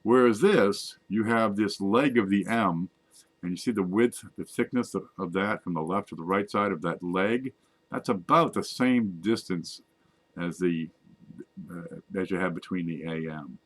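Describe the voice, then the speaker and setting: Brief: low-pitched man, relaxed hobby host, chatty and joking at himself. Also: unhurried. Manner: chatty, self-mocking, talks to viewers while zooming in on images. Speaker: coin collecting video host. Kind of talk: casual screen-share show-and-tell.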